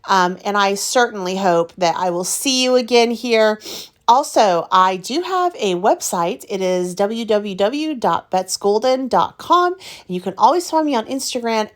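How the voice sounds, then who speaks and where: A woman's voice: mid-range voice, animated, measured pace. Woman, casual craft vlogger, talks straight to viewers, openly frustrated. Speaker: craft video host. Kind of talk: casual chat narrating her art process.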